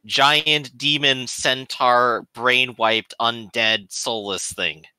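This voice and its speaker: A man playing a tabletop game, chatting casually and relaxed. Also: medium pitch, slow pace, clear, resonant tone, no room sound. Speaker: player. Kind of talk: casual chat.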